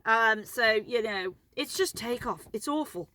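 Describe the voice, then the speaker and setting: A woman's voice: on the high side, expressive, measured pace, sharp tone, dry recording. A woman, rambling and swearing freely while telling funny stories about flying, laughing at herself. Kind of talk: casual anecdotal storytelling.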